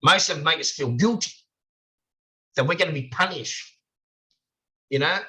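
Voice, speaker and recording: A man's voice: on the high side, moderate pace, sharp tone, low-quality recording. An older man from Australia, an author speaking passionately and emphatically in an interview, asking rhetorical questions over a video call. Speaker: author guest.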